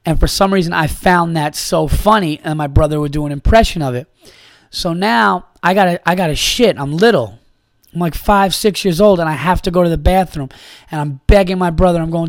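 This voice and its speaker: A man hosting a podcast, telling a rambling, profane comedy story in a casual, animated way. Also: fairly high pitch, a little fast, dry recording, clean studio sound.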